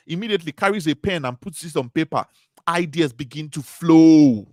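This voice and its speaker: Brief: higher-voiced male motivational speaker, repetitive emphatic delivery, dry close sound. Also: a little fast, a little mellow, no echo. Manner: repetitive, emphatic preaching cadence. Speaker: conference speaker. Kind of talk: motivational talk.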